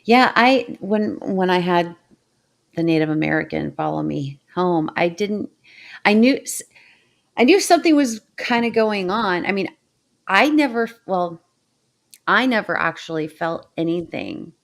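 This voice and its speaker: Woman with a gravelly, low voice. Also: animated, measured pace. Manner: conversational, affirming listener. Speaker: host. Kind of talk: casual chat.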